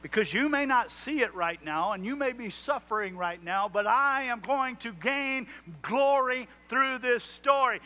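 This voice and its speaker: A man's voice: very high-pitched, a little slow, pushed and bright. A man preaching a sermon, rising into emphatic swells and acting out prayers in quotes. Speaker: pastor.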